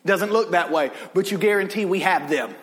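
Animated preacher in a reverberant hall. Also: male voice, high-pitched, moderate pace. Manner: animated, laughing, drawling Southern storyteller. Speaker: pastor. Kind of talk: sermon with storytelling and jokes. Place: church sanctuary.

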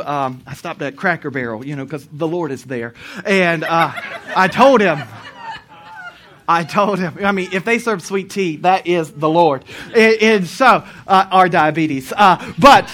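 A middle-aged man preaching a sermon and telling a personal story, moving from loud emphasis to quiet, low retelling. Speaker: pastor.

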